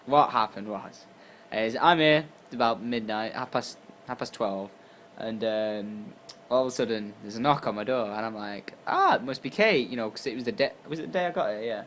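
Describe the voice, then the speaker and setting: Casual storyteller, young man, tired but animated, faint hiss behind. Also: normal speed. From England. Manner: animated, acts out quotes with jumps in pitch and volume. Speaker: YouTuber.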